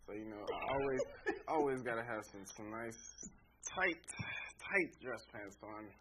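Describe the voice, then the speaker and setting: A young man co-hosting a casual podcast who talks in an animated, giggly way. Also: mid-range voice, measured pace, background noise. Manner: animated, giggly, swings up into laughter. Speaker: podcast co-host.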